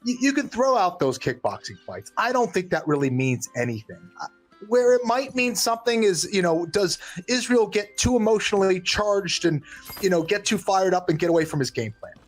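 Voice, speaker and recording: A man analysing a fight as a co-host, thinking aloud in a halting way. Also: high-pitched, lively intonation, faint music behind. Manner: thoughtful, halting with restarts. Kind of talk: sports analysis chat.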